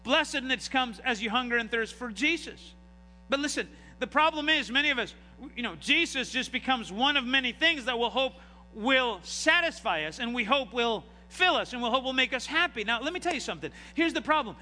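A middle-aged pastor preaches with a very high, piercing and sharp voice. He talks in animated bursts and asks the congregation question after question. His words carry a long hall reverb over a faint hiss. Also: brisk, faint music behind. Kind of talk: sermon. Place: church sanctuary.

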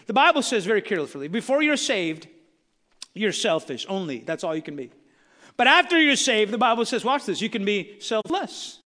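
A male pastor preaching a sermon, swinging from quiet asides to shouted emphasis, with recurring "watch this" refrains. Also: sits high, in a large hall. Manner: frequent "watch this" and "the Bible says" refrains.

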